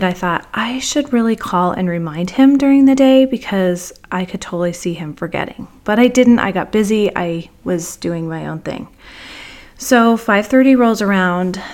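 A woman podcast host telling a personal story in a monologue, animated and acting out the dialogue she recalls. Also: medium pitch. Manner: animated, acts out quoted dialogue.

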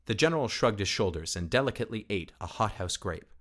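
A man narrating a short story as an audiobook reading, in a measured, steady storytelling manner. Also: fairly low pitch.

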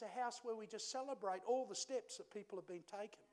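A middle-aged man preaching a sermon in a church, telling a family story with lively acted-out dialogue. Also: high-pitched, brisk, few pauses. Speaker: pastor.

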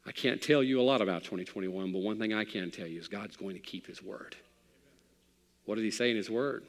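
A man preaching a sermon as pastor, swinging between loud passages and hushed ones. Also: lowish voice, a little fast, big-room sound.

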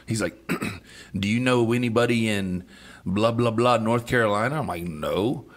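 A man with a lowish voice, speaking at normal speed, co-hosts a casual radio chat show from the studio. He tells stories with animation, playing both sides of phone conversations.

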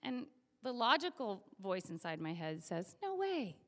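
A young woman, a resident doctor, telling a funny story to an audience, animated and laughing often as she acts out voices. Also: medium pitch, a little slow. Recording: long hall reverb.

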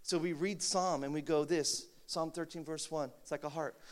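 A man preaching a sermon with humor, swinging from quiet asides to shouted, dramatic prayers. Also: a little high, fairly even intonation, normal speed.

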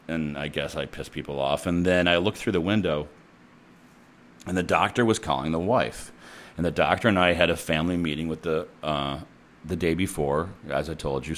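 A man's voice: very deep voice, normal speed. A man who works as a nurse, telling a story in a casual, blunt and profane way.

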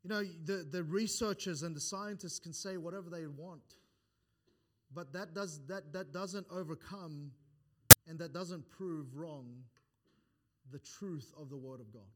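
In church, a pastor with a fairly high voice preaches at a slightly slow pace. Between points he restarts phrases and repeats words, and he builds each one with rising emphasis while quoting scripture in old-fashioned wording.

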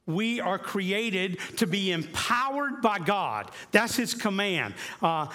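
Earnest pastor with a higher male voice. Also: sing-song, pushed and bright. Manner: earnest, repeats key phrases and slows down for emphasis. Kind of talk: sermon.

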